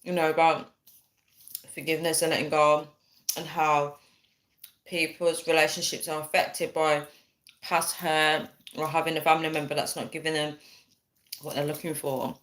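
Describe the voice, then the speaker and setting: A woman's voice: deep voice, level tone, moderate pace, pauses often, fairly bright tone. A young woman hosting a casual livestream, chatting with viewers, reading their comments aloud and laughing often. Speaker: livestream host. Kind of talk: casual live chat with viewers.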